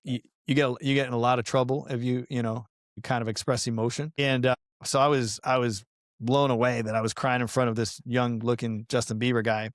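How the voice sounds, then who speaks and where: A man's voice: medium pitch, fairly quick, no echo, studio quality. Earnest middle-aged man telling a story. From Colombia. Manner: earnest, animated storytelling with frequent "man" and "you know". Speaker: podcast guest, pastoral counselor and fitness coach. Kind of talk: casual storytelling interview.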